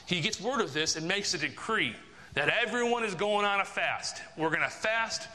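In a large hall with long reverb, a high-pitched preacher speaks at normal speed with lively intonation and a pushed, bright voice. His sermon is emphatic and repetitive, driven by rhetorical questions aimed at the congregation.

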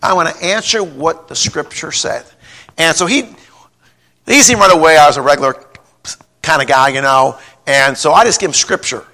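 Gravelly, bright-voiced rambling preacher man. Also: a little high, normal speed, pauses often. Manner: rambling, repeats words, rises to shouting when excited. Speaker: pastor. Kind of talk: folksy sermon with personal story.

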